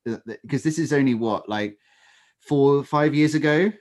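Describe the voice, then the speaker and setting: Brief: male co-host, mid-pitched, thoughtful casual talk, dry wit. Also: darkish tone. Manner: measured, reasoning, dry humor. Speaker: podcast co-host. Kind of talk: casual chat.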